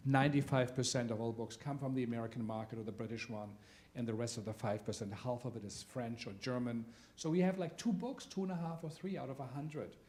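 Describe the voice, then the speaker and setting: A man's voice: mid-range voice, darkish tone. A man delivers a welcome speech to a theater audience as the director of the venue. His voice sits in the middle of the male range, and he halts often with filler sounds while he searches for words. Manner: halting, with many filler sounds.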